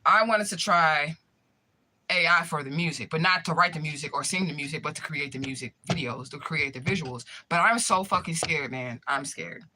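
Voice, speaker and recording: A woman and spiritual reader chatting casually to her viewers, telling stories in an animated, profane way full of fillers. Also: low voice, moderate pace, background noise. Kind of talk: casual live chat to viewers.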